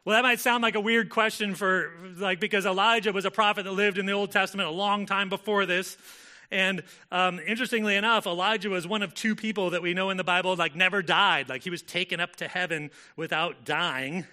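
A man delivers a sermon in a loose, conversational way, often pausing with filler words and restarting his sentences. His voice sits a little high for a man and sounds very bright and cutting. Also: fairly even intonation. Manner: conversational, frequent "like" fillers, self-correcting. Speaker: pastor.

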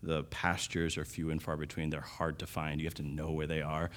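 Deep-voiced man preaching conversationally. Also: completely flat delivery, a little fast. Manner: conversational, with restarts and sudden louder emphasis. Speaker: pastor. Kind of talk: sermon.

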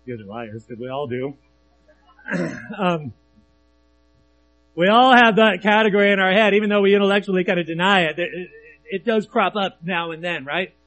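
A man's voice: high-pitched, moderate pace, pauses often, fairly bright tone, rough recording. A man preaching a sermon in a conversational way, often checking in with listeners and reading scripture aloud between his comments. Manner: conversational, often asks the audience "right?". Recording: faint mains hum.

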